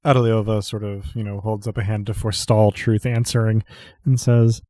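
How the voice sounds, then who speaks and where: A man narrating a tabletop game as game master in a relaxed, hesitant way. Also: lowish voice, moderate pace, no echo.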